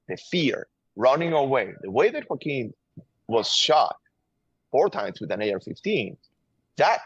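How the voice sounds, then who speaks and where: A man from Venezuela speaks English with a Venezuelan Spanish accent, pressing his points with emphatic urgency and frequent repeated words. His voice sits at an ordinary pitch. The audio is slightly muffled and dry, with no room sound. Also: breathy edge, dry recording. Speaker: guest, gun-violence activist. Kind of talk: impassioned interview answers.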